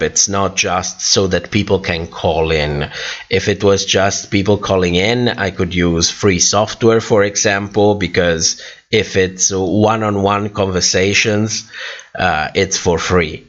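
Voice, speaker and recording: Man, very low voice, slow, tired worn-out voice, rambling livestream chat, dull lo-fi audio. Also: a bit bright. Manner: rambling, many fillers and restarts. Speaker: livestream host. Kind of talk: casual livestream chat reading comments.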